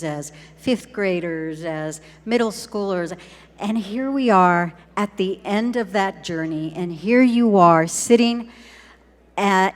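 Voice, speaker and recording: A woman superintendent giving a graduation speech, warm and encouraging, with deliberate pauses. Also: mid-range voice. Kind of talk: ceremonial speech. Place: large hall at a graduation ceremony. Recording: long hall reverb.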